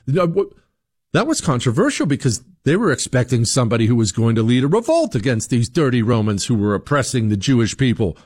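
Animated male commentator, dry close sound. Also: mid-range voice, fairly quick, no echo. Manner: emphatic, animated, rhetorical questions, acts out quoted voices; frequent restarts and repeated words. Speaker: political commentator host. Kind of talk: opinion commentary monologue.

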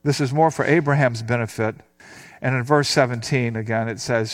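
A man's voice: mid-range voice, steady tone, moderate pace. Older man, Bible teacher, conversational sermon, reads scripture aloud.

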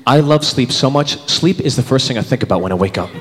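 A man in his thirties performing a stand-up comedy set, animated and jumping into character voices. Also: medium pitch, quick pace. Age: 30s. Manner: animated, switches into voices for bits. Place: comedy club stage with live audience. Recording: reverberant club, audience laughter, room noise.

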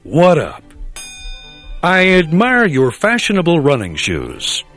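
A man's voice: on the high side, wildly swooping pitch, slow, a bit bright, faint music behind, heavily acted. Man playing a stiff, overly polite young guy. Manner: stiff, overly formal repetition.

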